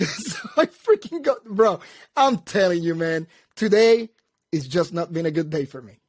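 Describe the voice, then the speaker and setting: A man telling a story in casual chat, animated, acting out both sides and laughing at himself. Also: high-pitched, measured pace, no room sound, studio quality.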